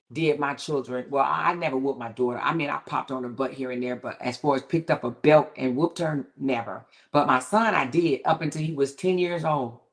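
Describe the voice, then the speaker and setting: A middle-aged woman with a low, deep-set voice and fairly bright tone hosts her own livestream from a home setup in casual commentary style. She speaks candidly and emphatically, her pitch shooting upward when she gets indignant.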